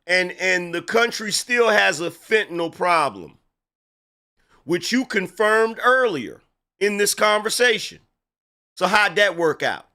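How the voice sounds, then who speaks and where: This middle-aged man, a political commentator, mocks an interview clip he's reacting to, his asides sarcastic and indignant. He speaks a little slowly in a high, expressive voice with a sharp tone.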